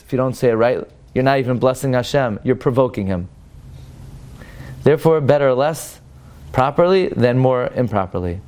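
A man leading a Torah study lesson, his voice at an ordinary middle pitch for most of the talk but leaping suddenly higher whenever he presses a point. He moves between English and quoted Hebrew and Aramaic texts. He keeps the listeners involved with rhetorical questions. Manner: animated, with sudden jumps in pitch for emphasis; mixes Hebrew and Aramaic quotations into English explanation. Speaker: rabbi teaching a class.

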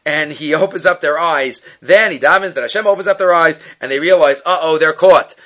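A man teaches a casual Bible class, his voice bright and a touch higher than most. He mixes Hebrew words into English and acts out the characters' lines. The recording is dull and lo-fi. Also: a little fast. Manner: lively storytelling, acting out quoted lines. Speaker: Torah teacher. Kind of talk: informal Bible class retelling.

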